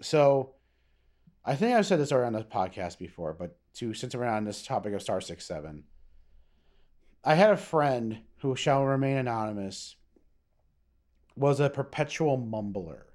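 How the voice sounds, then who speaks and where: A man's voice: mid-range voice, sing-song, normal speed, long pauses, darkish tone. A young man co-hosting a podcast in casual chat, rambling with lots of fillers and swearing. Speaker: podcast co-host.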